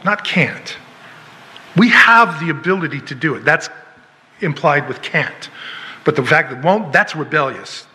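Man, pastor, sermon, high voice, rhetorical and emphatic, reverberant hall. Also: sharp tone. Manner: emphatic, rhetorical questions and mock dialogue.

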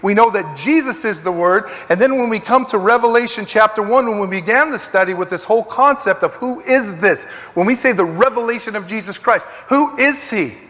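A man's voice: sits high, animated, fairly quick, few pauses, fairly bright tone. A man leading a conversational Bible study, emphatic and digressive, repeating phrases for stress. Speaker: Bible teacher. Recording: long reverb of a hall.

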